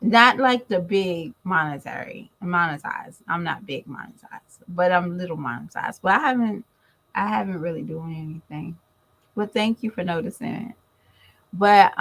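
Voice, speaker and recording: Gravelly-voiced woman chatting to viewers. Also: fairly low pitch, rough recording. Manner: chatty, animated storytelling, addresses viewers as y'all. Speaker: vlogger and mother. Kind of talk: casual chat to viewers.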